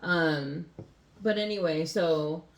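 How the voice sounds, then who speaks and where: A woman's voice: sits low, slow pace. A woman from the USA co-hosting a casual home podcast, rambling with lots of fillers and laughing easily. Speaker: podcast co-host. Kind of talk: casual chat. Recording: roomy home recording.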